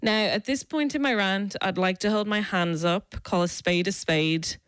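A woman's voice: medium pitch, normal speed, fairly bright tone, clear, resonant tone, no room sound, clean studio sound. A woman with a South Dublin Irish accent delivering a scripted, sardonic comic rant as a radio columnist. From South Dublin, Ireland.

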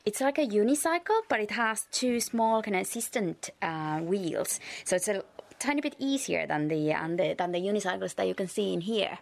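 A woman's voice: mid-range voice, moderate pace, vocal fry. A woman on a circus school's staff, casually explaining equipment with plenty of hesitant fillers.

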